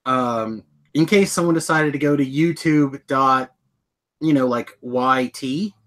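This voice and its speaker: Slow-speaking, with a medium-pitched and fairly bright voice, a middle-aged man jokes and wanders off topic while co-hosting a laid-back podcast. He hums tunes and is heard through a webcam call.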